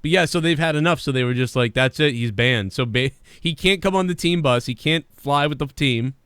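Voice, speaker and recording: A man's voice: a little high, fairly quick, smooth, no room sound, studio quality. A man co-hosting a casual comedic podcast chat, riffing and laughing as he talks. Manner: laughing, riffs with loud mock voices. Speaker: podcast co-host.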